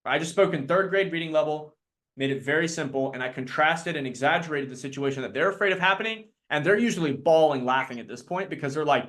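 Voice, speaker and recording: A man leading a live sales training talk, energetic and quick to act out his clients in put-on voices. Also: on the high side.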